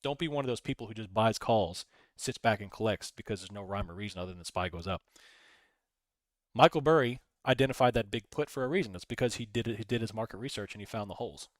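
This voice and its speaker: A man's voice: fairly low pitch, quick pace, no room sound. A man hosting a casual live stream, rambling, reading chat messages aloud and talking through his trades. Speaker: livestream host.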